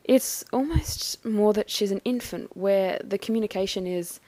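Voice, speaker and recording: A woman talking through a personal experience in a thoughtful, halting, measured way. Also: medium pitch, warm tone, no echo. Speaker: vlogger. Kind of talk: personal reflective monologue.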